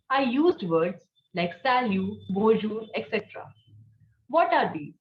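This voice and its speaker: A woman teaching a French lesson, who patiently asks learners to repeat words after her. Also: a little high. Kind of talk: language lesson. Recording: echoey room, dull lo-fi sound.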